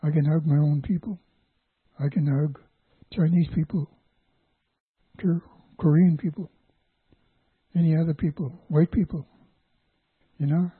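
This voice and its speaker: An older man with a husky, breathy voice gives a halting personal testimony, stopping and restarting as he goes. The sound is tinny and narrow, like a phone line, and dry with no room around it. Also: fairly high pitch, fairly even intonation, dry recording. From Canada, Vancouver Island. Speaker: church guest giving testimony.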